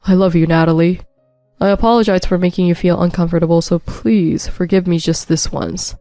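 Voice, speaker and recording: A woman's voice: fairly low pitch, fairly even intonation, fairly quick, dark tone, no room sound, clean studio sound, faint music behind, lightly acted. A woman voicing a cheating husband who begs and insists, in a narrated story. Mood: pleading. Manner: begging, insistent. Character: pleading cheating husband, adult man.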